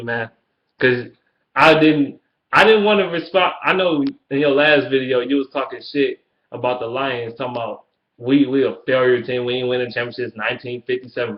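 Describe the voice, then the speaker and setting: A man ranting in a fan video, trash-talking the rival team, swearing freely, and jumping into high mocking sing-song taunts. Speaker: sports fan vlogger. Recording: echoey room, dull lo-fi sound.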